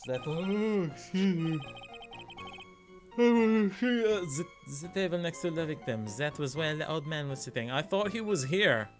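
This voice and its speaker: A man's voice: fairly high pitch, lively intonation, measured pace. A man voicing a theatrical French male chef with a put-on French accent over game music. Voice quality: exaggerated French words, swearing asides.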